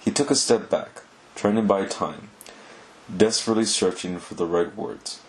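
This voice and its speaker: A man calmly and steadily reading a novel aloud as an audiobook narrator. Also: sits low, moderate pace, rough recording.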